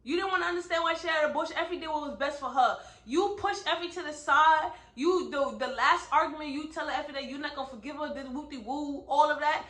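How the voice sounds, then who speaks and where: High, bright-voiced woman reviewing a book. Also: fast talker, few pauses. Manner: emphatic, heavy use of "like" and "right?". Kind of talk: casual book review vlog. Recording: echoey room.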